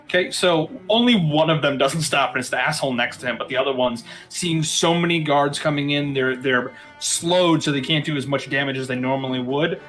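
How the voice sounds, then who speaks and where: A man's voice: fairly high pitch, a little fast, hardly any pauses, fairly bright tone, faint music behind. A man narrating a tabletop game as game master in a casual way, with frequent fillers.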